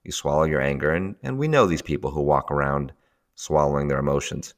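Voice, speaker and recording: A man's voice: very deep voice, brisk. A middle-aged man, a guest in a casual conversation, talking animatedly, laughing often and acting out voices as he tells stories.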